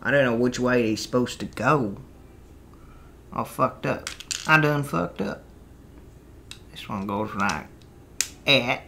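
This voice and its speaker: A man's voice: medium pitch, slow, gravelly, pauses often, pushed and bright, a little hiss or hum. A man in his twenties rambling and joking to himself as he builds, half-singing and drifting into a put-on southern drawl. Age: 20s. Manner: goofy, joking, mutters and half-sings to himself. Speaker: vlogger.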